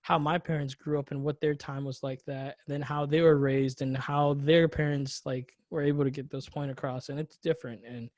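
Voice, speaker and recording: A man's voice: fairly high pitch, little pitch movement, normal speed, hardly any pauses, darkish tone, no echo. A young man hosting a casual podcast conversation, rambling with lots of fillers and restarts. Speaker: podcast host.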